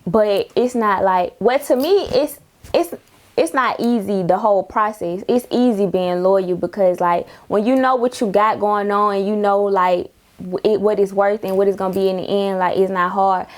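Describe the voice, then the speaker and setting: A woman's voice: mid-range voice, moderate pace. A young woman rapper in a casual interview, telling stories animatedly and laughing often.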